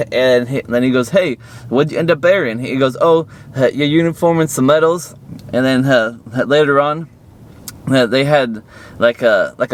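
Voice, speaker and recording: Guy rambling thru a movie plot, mid-pitch voice, tons of "you know" and "guys", squeaks up high sometimes. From United States. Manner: filler-heavy, repeats phrases, addresses viewers as guys; jumps suddenly high for emphasis. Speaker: movie reviewer. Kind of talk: rambling casual movie recap to camera.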